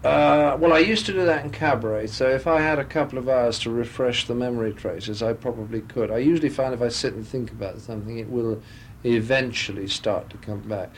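A man's voice: medium pitch, brisk, slight background noise. A man talking as a guest in a radio interview, telling chatty anecdotes into a studio microphone.

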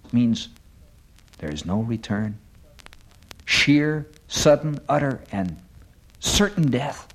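A man's voice: mid-range voice, big pitch swings, slow pace, long pauses, low-quality recording. A man delivering a wry comic monologue on the radio, building sardonic lists toward a punchline.

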